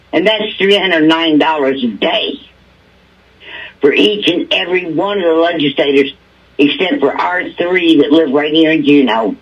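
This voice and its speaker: A woman's voice: deep voice, normal speed, breathy edge, far from the mic. Blunt older woman on a muffled phone line. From Alaska. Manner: blunt, exasperated, conversational. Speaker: caller testifying at a hearing.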